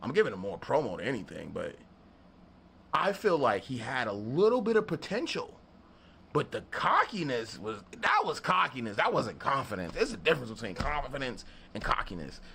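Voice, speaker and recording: A man's voice: medium pitch, normal speed, creaky, slight background noise. A man telling a story in a casual vlog, laughing often and acting out people's lines, with plenty of profanity. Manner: animated, laughing, profane storytelling with acted-out quotes. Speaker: beatmaker and studio vlogger.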